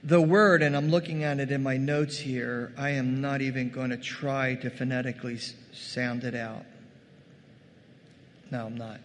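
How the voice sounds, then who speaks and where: A man preaching a sermon, animated, acting out quoted voices and rising to loud bursts. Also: mid-range voice, moderate pace, in a large hall, a little hiss or hum. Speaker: pastor.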